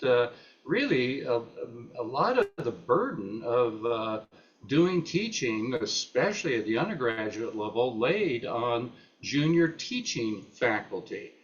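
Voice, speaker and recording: An older retired professor giving an unscripted talk at a meeting, halting and full of fillers and restarts. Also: male voice, mid-range voice, lo-fi sound.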